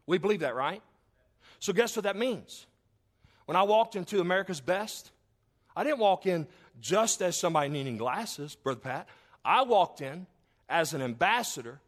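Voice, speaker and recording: A middle-aged male pastor preaching a sermon, telling a personal story with lots of quoted dialogue and swelling loud and slow on emphatic lines. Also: a little high, expressive. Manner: storytelling, quoting others in dialogue.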